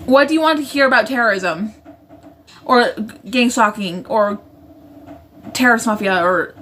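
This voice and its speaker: Slightly high and fairly bright, the woman's voice keeps a moderate pace against faint background noise. She's hosting a relaxed livestream at home, a roommate in the adjoining room, reading comments from viewers, rambling, and often correcting herself partway through sentences.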